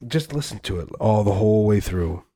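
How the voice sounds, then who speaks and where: A man co-hosting a podcast in casual chat, playful and quick to break into falsetto song and sound effects. His voice is somewhat husky, and the recording is dry and close with little room sound. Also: animated, warm tone, no echo. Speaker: podcast co-host.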